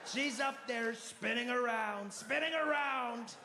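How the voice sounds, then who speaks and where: A man's voice: very high-pitched, slow, bright, forceful tone, roomy sound, pitched above the performer's own voice, full character voice. A comedian doing an impression of a boastful, rambling older male leader, drawling and repeating himself in a noisy live room. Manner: drawling, repetitive, bragging. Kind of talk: stand-up impression.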